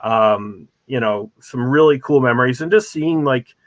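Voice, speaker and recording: A man's voice: medium pitch, moderate pace, dry recording. Rambling man telling fan stories. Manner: rambling, many fillers, animated storytelling. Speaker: guest. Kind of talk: casual chat, anecdotes.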